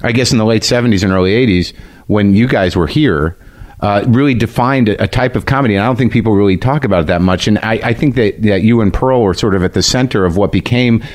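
A man hosting a podcast in casual conversation, talking frankly and with profanity, often halting as he searches for words. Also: lowish voice, darkish tone. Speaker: podcast host.

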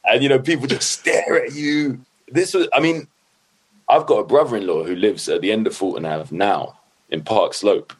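A middle-aged man with a very low, deep voice, talking as a guest in an interview. He tells his stories loosely and with energy, swears freely, and keeps circling back to "like" and "you know what I mean". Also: normal speed, slightly rough. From London. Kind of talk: casual storytelling.

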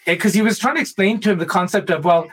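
A man talking on a podcast, telling a spiritual parable in an animated way, stumbling over many restarts. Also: high-pitched, fast talker, slightly rough. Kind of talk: spiritual talk and storytelling.

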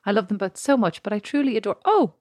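A woman's voice: medium pitch, expressive, fast talker, a little mellow, no room sound, clean studio sound. A woman co-hosting a podcast, chatting playfully and teasing her co-host. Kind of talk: casual chat.

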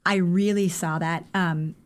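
A woman guest on a podcast, a running coach telling stories in a casual, animated way, filled with "like" and "I mean.". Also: fairly low pitch. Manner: animated, acts out quoted dialogue; rapid, chatty with many fillers like "like" and "I mean". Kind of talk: casual interview storytelling.

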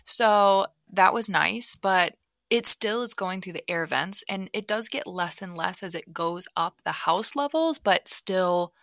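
A woman in her thirties hosting a podcast from her basement office, telling a personal story in a chatty way with many fillers and hushed asides. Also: medium pitch, expressive, measured pace, dry recording, clean studio sound. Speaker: podcast host. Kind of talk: casual solo podcast storytelling.

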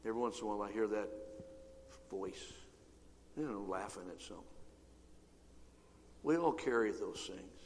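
A man preaching a sermon, swinging from shouting to hushed, near-whispered urging. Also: on the low side, normal speed, pauses often. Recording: reverberant hall, faint room noise.

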